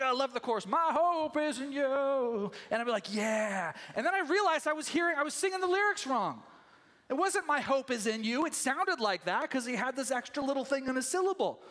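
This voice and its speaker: Male pastor, high-pitched, animated storyteller, preaching in a reverberant hall. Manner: animated storytelling, acting out voices. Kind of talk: sermon.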